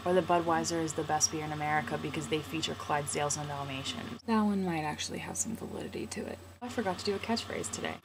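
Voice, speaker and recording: A woman's voice: deep voice, quick pace, few pauses, noisy background. A young woman in college talking casually to camera in a playful, sarcastic, jokey vlog. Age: young adult. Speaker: vlogger.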